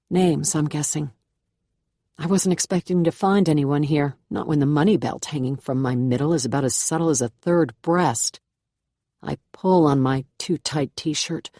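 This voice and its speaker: A woman narrating a first-person thriller audiobook in a measured, hushed, tense way on a close microphone. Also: sits low, no echo.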